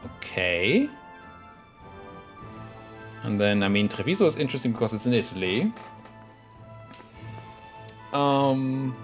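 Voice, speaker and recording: A man's voice: medium pitch, animated, takes it slowly, pauses often, soft background music. A young man casually commentating his own strategy game, thinking aloud and muttering at the units on screen. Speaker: gameplay commentator.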